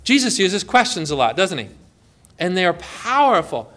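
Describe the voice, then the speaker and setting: A man's voice: high voice, sing-song, moderate pace, fairly bright tone. A man giving an informal Christian teaching talk outdoors on a boat, conversational and full of rhetorical questions and stories.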